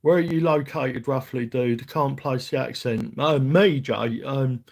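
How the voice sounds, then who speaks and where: Slow, gravelly London-accented man. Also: mid-range voice. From England. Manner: rambling, chatty, self-deprecating, talks to viewers while working. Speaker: streamer. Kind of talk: casual live-stream chat while working on a workbench.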